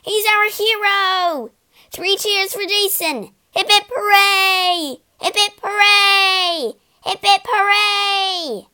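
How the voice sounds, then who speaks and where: A woman reading a storybook aloud, voicing a band of male heroes who cheer for their leader in loud, high, drawn-out shouts. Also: exaggerated voice.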